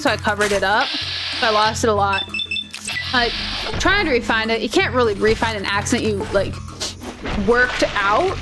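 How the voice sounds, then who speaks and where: Woman, Minnesotan accent, rambling gameplay chatter, fairly high voice, faint music behind. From Minnesota, USA. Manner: rambling, chatty, playfully cursing. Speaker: gaming video host. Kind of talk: casual chat over gameplay.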